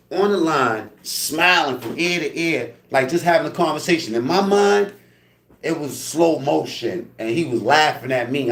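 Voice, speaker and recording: In an echoey room, a man with a mid-range voice spins a profane, offhand story about prison. He performs the sounds and voices with energy and keeps saying "you know what I mean" among many other fillers.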